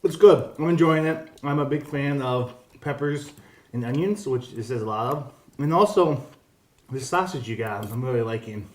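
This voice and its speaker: A man's voice: medium pitch, normal speed, darkish tone. A man eats and chats about a dish in an easygoing way. His voice carries a noticeable room echo. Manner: easygoing, speaking with his mouth full. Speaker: taste tester. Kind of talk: casual chat.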